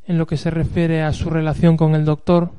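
A host narrates a scripted summary in a measured, even way. His voice is smooth and mellow, and his pitch barely moves. He sits slightly high for a man.

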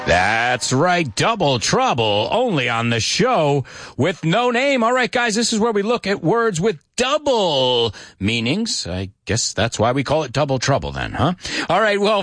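Playful, animated male language-show host. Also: fairly high pitch, no echo, studio quality. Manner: playful, animated, switches between English and Spanish. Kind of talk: live-streamed English lesson.

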